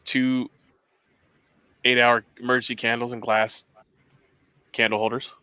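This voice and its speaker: A man's voice: medium pitch, flat delivery, unhurried, bright, forceful tone, clean tone, dry recording, muffled recording. A man hosting a casual live question-and-answer show, rambling with frequent restarts as he shows his gear. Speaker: host. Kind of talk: casual livestream chat.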